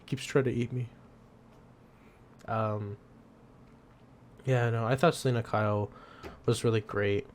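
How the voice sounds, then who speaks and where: A man's voice: medium pitch, fairly even intonation, unhurried, long pauses, slight background noise. A young man co-hosting a podcast, chatting casually, rambling with frequent laughs and the odd swear. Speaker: podcast co-host. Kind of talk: casual chat.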